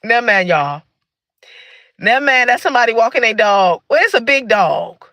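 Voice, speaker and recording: A woman's voice: fairly high pitch, big pitch swings, normal speed, pushed and bright, no room sound, rough recording. A woman from Michigan hosting a livestream, talking casually and earnestly, preaching a little and greeting viewers in the chat. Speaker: livestream host.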